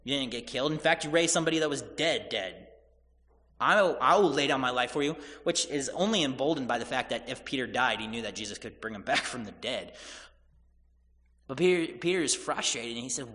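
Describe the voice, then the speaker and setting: A man's voice: medium pitch, animated, brisk, bright, forceful tone, big-room sound. A man preaching a sermon, retelling scripture in casual everyday paraphrase and acting out the people in the story.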